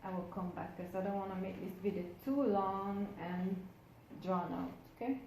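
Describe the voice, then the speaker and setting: A woman's voice: medium pitch, moderate pace, a little mellow, slight background noise. A woman vlogger casually narrating a how-to while she works, talking straight to her viewers. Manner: chatty, addresses viewers while working. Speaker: hair vlogger. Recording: very echoey room.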